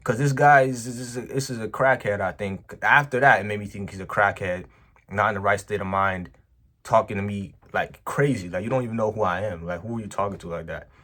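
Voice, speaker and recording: His voice sits on the low side and he talks fairly quickly. A business owner, he shares a personal story in a loose, animated vlog monologue, leaning hard on slang and calling people "bro."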